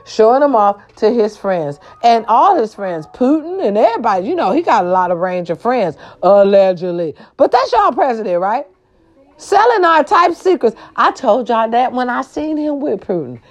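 A woman's voice: fairly high pitch, darkish tone. A woman from the United States, a vlogger talking straight to her viewers in a casual, profane rant full of emphatic outbursts and preachy advice. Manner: preachy advice-giving, addressing the audience directly. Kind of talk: casual ranting monologue.

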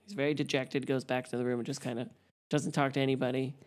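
Low-voiced woman with dry asides. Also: flat delivery, quick pace, a little mellow. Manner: dry asides, wry commentary. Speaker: podcast co-host, parent. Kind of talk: casual movie recap chat.

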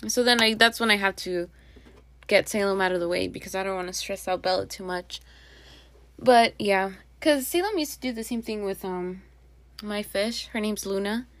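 A woman's voice: medium pitch, vocal fry, fairly bright tone. A young woman hosting a casual solo podcast, rambling and chatty with plenty of asides. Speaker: podcast host.

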